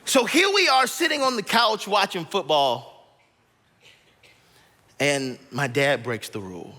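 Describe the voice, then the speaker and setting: A man in his thirties preaches as a guest pastor, telling a personal story and slipping into the voices of his family. His voice is high and bright and swings widely in pitch. It rings out with the long reverb of a large church auditorium. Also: a little slow. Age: 30s. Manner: animated, acts out family members' voices. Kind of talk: storytelling sermon.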